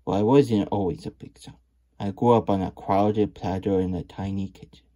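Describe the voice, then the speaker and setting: A man's voice: low-pitched, steady tone, normal speed, mellow, close to an everyday voice. A man voicing a boastful talking cheese wheel in a storybook reading, with a showy, bragging delivery.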